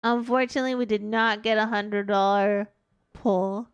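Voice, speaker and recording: A woman's voice: mid-range voice, fairly even intonation, moderate pace, clear, resonant tone, no echo, highs cut off. A woman streamer chatting casually while she plays, her voice stuffed up and congested, rambling and trailing off mid-sentence. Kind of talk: casual gaming stream chat.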